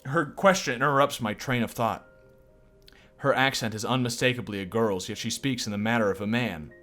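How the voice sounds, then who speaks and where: A man's voice: mid-range voice, moderate pace, fairly bright tone, faint music behind, natural voice. A man reading the lines of a lovestruck, shy young schoolgirl narrator aloud in his own plain voice. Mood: wistful.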